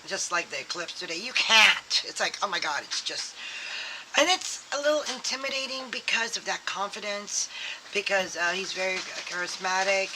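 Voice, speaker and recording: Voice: mid-range voice, noisy background. A tarot reader giving a casual, rambling reading full of fillers and acted-out quotes. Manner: rambling and filler-heavy, acts out quoted thoughts.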